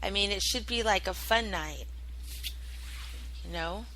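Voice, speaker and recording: A woman's voice: medium pitch, unhurried, sharp tone, a little hiss or hum, low-quality recording. A woman hosting her own internet radio show, chatting casually and rambling with lots of fillers and swearing. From United States. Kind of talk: casual solo chat, answering listener chat.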